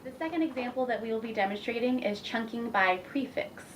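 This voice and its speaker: A woman's voice: on the high side, fairly quick. A young woman playing the student in a scripted reading demonstration, reading her lines plainly. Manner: reads lines plainly, answers briefly. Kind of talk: scripted role-play. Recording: distant mic with faint background noise.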